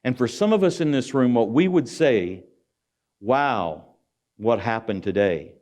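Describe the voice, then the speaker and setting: A middle-aged guest speaker preaches a motivational message in an auditorium, calling out rhetorical questions to the listeners. He has a medium-pitched, animated, darkish voice and speaks a little slowly.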